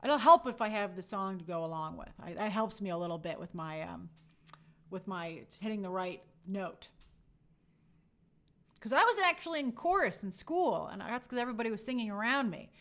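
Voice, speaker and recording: A woman's voice: medium pitch, sing-song, moderate pace, a bit bright. A young woman hosting a casual livestream, chatting and answering viewer comments with a sarcastic edge. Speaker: host answering live chat.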